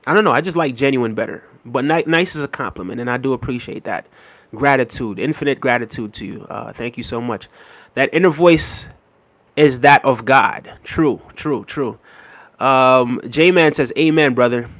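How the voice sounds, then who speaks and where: A man hosting a casual livestream, reading out viewer comments and thanking them in a relaxed, easygoing way with soft laughs. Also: mid-range voice, normal speed, no room sound. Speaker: livestream host. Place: New York City.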